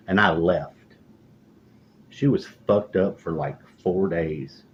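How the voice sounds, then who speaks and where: A middle-aged man telling rambling stories in a casual, profane, deadpan way. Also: sits low, normal speed, lo-fi sound, slight background noise. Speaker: storyteller. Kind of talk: casual storytelling monologue.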